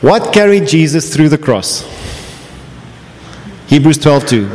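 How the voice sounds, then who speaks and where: A man's voice: on the high side, expressive, takes it slowly, long pauses, a little mellow, slight background noise. A man preaching a sermon as pastor, earnest and often restarting his phrases. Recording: long reverb of a large hall.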